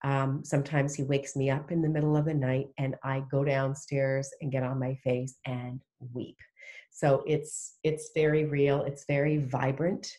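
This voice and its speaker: A middle-aged woman with a low voice talks earnestly as a podcast guest. Her speech is heartfelt and emphatic, with frequent restarts. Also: level tone, unhurried, warm tone. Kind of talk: casual faith conversation.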